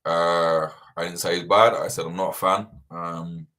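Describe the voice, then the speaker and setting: Young male host, low register, loose and profane, heated conversational rant. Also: measured pace. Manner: swears constantly, animated and ranting. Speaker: livestream host answering viewer questions. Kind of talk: casual chat.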